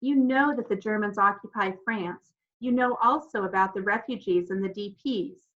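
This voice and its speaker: A woman voicing a tired, unshaven young man with a croaky voice, speaking gravely to children in an audiobook. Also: mid-range voice, moderate pace, a bit bright, lo-fi sound, natural voice. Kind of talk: audiobook character voice.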